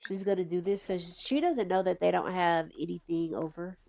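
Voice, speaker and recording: A woman's voice: lowish voice, moderate pace, creaky, a little mellow, dry recording. A woman casually narrating a life-sim game story, retelling scenes in a chatty way.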